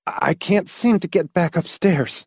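Man playing a tense, snappish trapped husband in a storybook audiobook, voice pushed a little high. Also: lively intonation, measured pace, no room sound, clean studio sound, full character voice. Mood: desperate, tense. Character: trapped desperate husband, strained.

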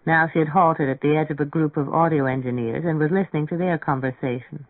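A man narrating an audiobook in a measured, even way. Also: fairly high pitch, dry recording. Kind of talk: audiobook reading. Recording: dry, phone-like narrow sound.

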